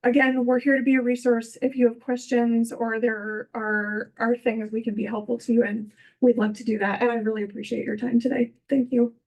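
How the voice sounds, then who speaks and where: A woman with a fairly high voice speaks at a school board meeting. She makes a heartfelt, appealing case as a community resource. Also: flat delivery, a little fast, a little mellow, low-quality recording. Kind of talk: public comment at a meeting.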